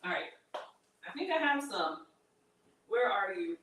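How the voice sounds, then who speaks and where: A woman's voice: medium pitch, very animated, takes it slowly, a bit bright. A woman hosting a casual cooking livestream, chatting with viewers about her food and reading their comments. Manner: chatty, reads viewer comments, says y'all.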